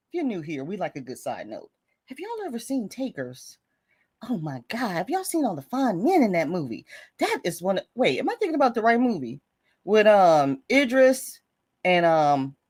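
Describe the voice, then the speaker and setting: A woman hosting a casual live stream, reading viewer comments and laughing often as she chats. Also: a little high. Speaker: livestream host.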